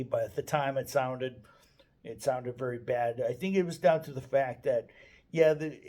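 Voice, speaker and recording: Mellow-voiced man rambling casually. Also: mid-range voice. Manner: meandering, hesitant, often restarts sentences. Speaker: daily video blogger. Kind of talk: casual off-the-cuff monologue.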